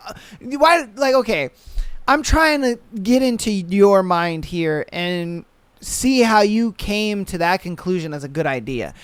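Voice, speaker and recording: A man's voice: sits high, unhurried, clear, resonant tone, no room sound. A young man hosting a podcast, ranting in a casual, exasperated and profane way. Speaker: podcast host. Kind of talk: casual reaction rant.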